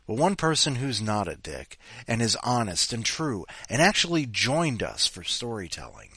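A man's voice: lowish voice, huge pitch swings, moderate pace, pushed and bright, husky, no echo. A man hosting a storytelling podcast, rambling casually between stories and swearing freely. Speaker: podcast host.

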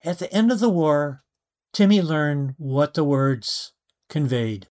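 A man narrating a short story in a gentle, unhurried late-night style. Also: a little high, lively intonation. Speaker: storyteller in a weekly flash fiction podcast.

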